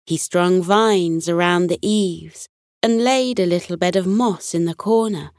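A woman reading a scripted bedtime story for children in a soothing, expressive way. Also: fairly low pitch, measured pace, no echo, studio quality.

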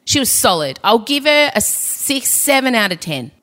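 A woman's voice: fairly high pitch, very animated, moderate pace, pushed and bright. A woman hosting a podcast, reviewing a film in casual, opinionated chat with frequent restarts. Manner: chatty, opinionated, ranting with restarts. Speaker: podcast host.

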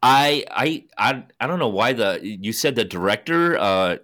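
Man, podcast co-host, casual film chat, animated, swears a lot, bright forceful voice. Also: mid-range voice, unhurried. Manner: animated, swears freely and acts out scenes.

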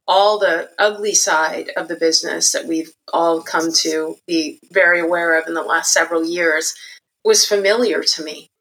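Candid, reflective woman with a bright voice. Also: on the low side, poor audio. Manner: candid and reflective, animated when quoting others. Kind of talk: personal storytelling interview.

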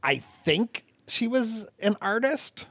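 A man's voice: sits high, very animated, slow pace, fairly bright tone, husky, no echo. A man co-hosting a casual movie review chat, playful and laughing often. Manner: playful, laughs often, jokey mock-British voices. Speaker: podcast co-host.

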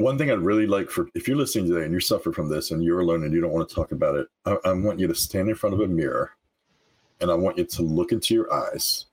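A man talking as a life coach guest in a casual interview, earnest and animated, laughing often. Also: low voice, breathy edge, rough recording.

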